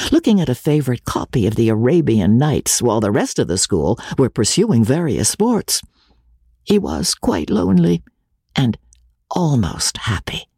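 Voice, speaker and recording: A woman narrating a classic novel with lively, dramatic storytelling. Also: extremely low pitch, breathy edge, dry recording, studio quality. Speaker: audiobook narrator.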